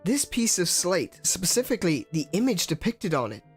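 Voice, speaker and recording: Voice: mid-range voice, very animated, moderate pace, husky, soft background music, pitched above the performer's own voice. Streamer doing a fussy old scientist guy from a game, stammery and flustered. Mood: fussy, excitable. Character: eccentric older male inventor scientist. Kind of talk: voicing game dialogue.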